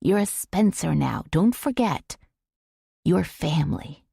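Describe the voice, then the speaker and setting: A woman's voice: fairly low pitch, lively intonation, slow pace, creaky, mellow, husky, no echo, clean studio sound, heavily acted. A woman voicing a stern older woman who speaks firmly, like a grim teacher, in an audiobook. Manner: firm, stern.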